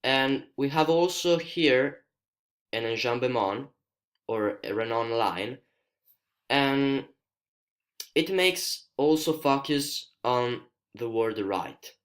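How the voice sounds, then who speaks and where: This is an Italian man, a student and native speaker of Italian, whose accent colors his explanation of a poem for a screencast lesson. He speaks in a mid-range voice, carefully and hesitantly, stopping now and then to find his words.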